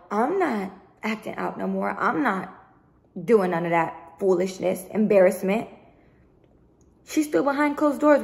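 A woman vlogger in a heated storytime rant to camera, swearing often and repeating herself for emphasis. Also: a little high. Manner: profane, emphatic, repetitive venting.

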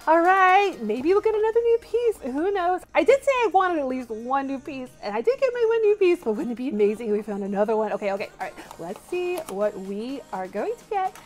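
A woman hosting a toy unboxing vlog, gushing and squealing with excitement, talking to viewers as "you guys". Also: high voice, brisk, hardly any pauses.

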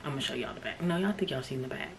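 A woman's voice: extremely low pitch, animated, very fast, a little hiss or hum, low-quality recording. A woman gushing over a new bag during an unboxing vlog, often dropping into a whisper, recorded in a room at home. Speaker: unboxing vlogger. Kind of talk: excited unboxing chat. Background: kids playing outside.

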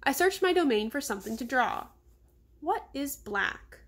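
A woman calmly reading a children's novel aloud. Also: high-pitched, normal speed. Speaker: reader.

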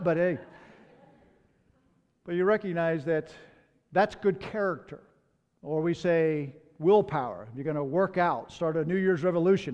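A man pastor preaching a sermon in a conversational way, with personal asides, in a church sanctuary. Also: high voice. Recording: long hall reverb.

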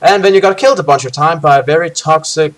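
Joking male game master, slightly high. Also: fast. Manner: jokey, trails off into hedges. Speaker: game master reading a gamebook aloud. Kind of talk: casual co-op play with read-aloud narration.

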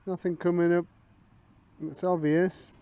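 A man's voice: sits high, little pitch movement, a little slow, mellow. A middle-aged man, chatting casually to viewers as he detects outdoors and thinks aloud over his finds. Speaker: metal detecting vlogger. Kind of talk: casual commentary while detecting.

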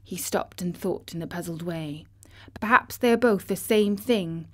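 Woman audiobook narrator, gentle storybook reading, unhurried. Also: fairly low pitch.

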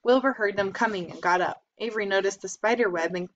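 A woman's voice: mid-range voice, quick pace, slight background noise. Woman reading a children's book aloud. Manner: plain reading with small slips and self-corrections. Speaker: reader. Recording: slightly dull lo-fi recording.

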